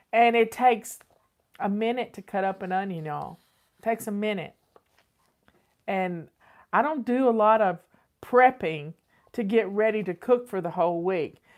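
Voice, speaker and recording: An older woman, chatting casually and repeating herself as she answers viewer questions as host. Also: medium pitch. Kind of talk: casual advice chat.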